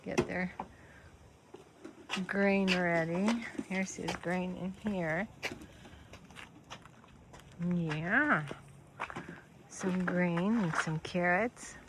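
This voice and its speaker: A woman filming a casual farm vlog outdoors, gently cooing praise at her horses as she feeds them. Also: lowish voice, very slow, pauses often. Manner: soft, cooing talk to the horses. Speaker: farm vlogger. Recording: windy outdoor noise.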